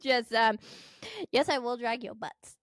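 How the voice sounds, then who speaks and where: A teenage girl of almost fourteen co-hosting a podcast, chatting in a playful, excitable, jokey way. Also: on the high side, unhurried, no room sound, clean studio sound. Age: teens. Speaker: podcast co-host. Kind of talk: casual chat.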